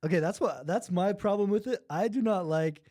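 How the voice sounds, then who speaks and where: A man's voice: high-pitched, fairly quick, mellow. A young man co-hosting a casual podcast chat, who drops dry, teasing one-liners. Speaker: podcast co-host.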